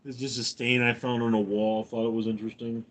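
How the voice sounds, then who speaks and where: A man live-streaming from home, reading chat comments and answering in a dry, deadpan way. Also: mid-range voice, fairly quick.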